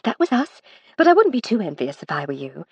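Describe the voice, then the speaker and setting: A woman voicing a breezy, wry aristocratic Edwardian lady in an audiobook, quick to laugh. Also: medium pitch, wildly swooping pitch, slightly rough, no room sound, highs cut off, voice pushed up, exaggerated voice.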